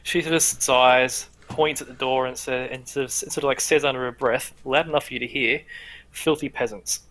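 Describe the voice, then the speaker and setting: A man narrating as dungeon master in a tabletop game, laughing often and talking quickly with fillers. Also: mid-range voice, steady tone, a bit bright, a little hiss or hum. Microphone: home mic on a livestream.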